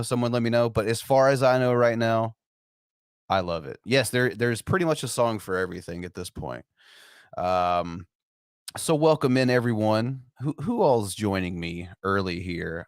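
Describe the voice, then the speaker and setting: A man's voice: medium pitch, clean tone, no echo, studio quality. A man hosting a livestream in casual chat, stammering and repeating words as he chuckles. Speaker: livestream host.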